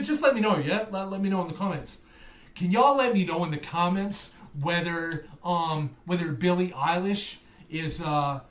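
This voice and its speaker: Guy doing a music reaction, jokey and petty banter, high-ish voice, sounds like a big echoey room. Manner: playful, teasing, self-mocking banter. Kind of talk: casual reaction commentary.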